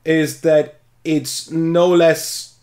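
A man's voice: a little high, level tone, very slow, a little mellow. A man co-hosting a board game podcast, explaining games in casual chat. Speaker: podcast co-host.

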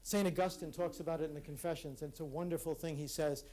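A man's voice: fairly high pitch, fairly even intonation, a little mellow. Earnest man giving a reflective talk. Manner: earnest, with halting restarts. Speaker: speaker at a conference. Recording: live talk in a hall.

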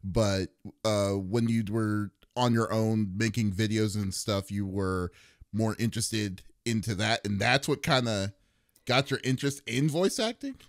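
A man hosts a relaxed interview, firing off questions with restarts and stammers. He reacts with eager surprise to his guest's stories. The recording is dry and close. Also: fairly low pitch, unhurried, no room sound. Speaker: interviewer host. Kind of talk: casual interview chat.

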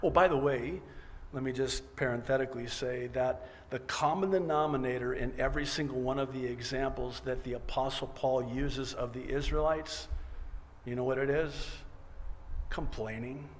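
A man's voice: medium pitch, fairly even intonation, normal speed, slight background noise. A man preaching a sermon as pastor, reading scripture emphatically and voicing its quoted lines with drama. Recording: long reverb of a large hall.

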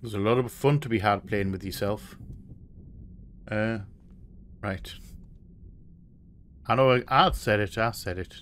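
A man with a low voice giving casual let's play commentary on a horror game. He reads notes aloud, cracks nervous jokes and swears freely when something jumps out. A faint hiss sits under his voice. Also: a little slow, long pauses, fairly bright tone. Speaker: streamer playing a horror game.

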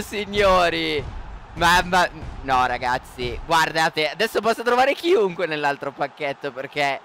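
Man, high bright voice, exuberant, faint noise. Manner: exuberant, rapid exclaiming. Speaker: gamer reacting to pack opening.

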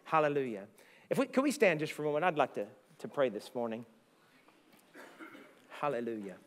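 A middle-aged male pastor from the United States telling stories in a sermon, animated, often repeating words and acting out the voices he quotes. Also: on the high side, a little fast. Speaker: guest pastor. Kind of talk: sermon with storytelling. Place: church sanctuary.

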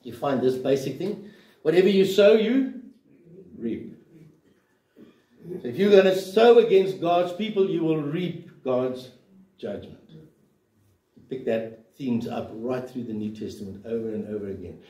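A man's voice: mid-range voice, normal speed, dark tone. A man preaching a sermon as a pastor, emphatic and full of rhetorical questions. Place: church hall. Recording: echoey room, voice from a distance.

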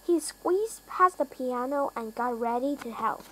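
Slow, careful woman reading a storybook. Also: high voice, animated, rough recording. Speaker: reader.

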